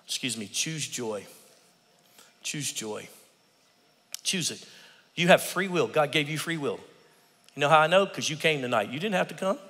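A man preaching a sermon as pastor, animated, acting out quotes and swinging from hushed tones to shouts. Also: fairly high pitch, brisk. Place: church sanctuary. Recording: church hall reverb.

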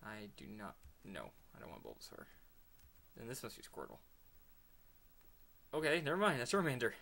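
A man giving excitable let's play commentary, laughing often and slipping into whispered asides. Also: medium pitch, moderate pace, creaky, slight background noise. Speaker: gamer.

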